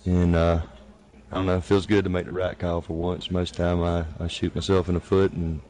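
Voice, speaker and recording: A man giving a modest, low-key post-race interview as the winning sim racer. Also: little pitch movement, fairly quick, dark tone.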